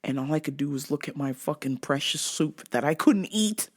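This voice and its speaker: Animated swearing woman telling a story. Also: sits low, moderate pace, breathy edge. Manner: animated, swears constantly, shouts out quoted lines. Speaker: vlogger. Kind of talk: profane comedic storytelling.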